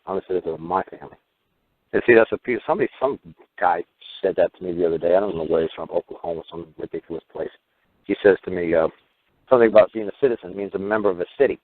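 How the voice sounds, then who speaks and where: A low-voiced man hosting a call-in radio show, rambling on and breaking into acted-out exchanges with sharp leaps in pitch. The sound is thin and phone-like, and the voice is dry and close. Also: very fast, no echo. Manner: rambling, acts out dialogues with sudden pitch jumps. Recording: tinny phone-like radio audio.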